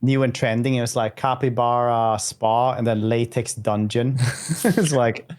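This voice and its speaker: A man from mainland Europe co-hosts a casual gaming podcast. His voice sits at a middle pitch. He talks hesitantly and often restarts his sentences. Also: fairly even intonation, unhurried, a little mellow, smooth. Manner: hesitant, many fillers and restarts. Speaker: podcast co-host.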